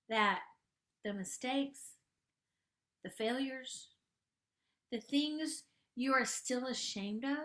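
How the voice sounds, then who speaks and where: A woman with a fairly high voice leads a gentle spiritual coaching session that slides into guided meditation. She takes her time, stretching words out slowly. Her tone stays soft and tender, and it sometimes sinks to a hushed near-whisper. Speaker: host and spiritual life coach.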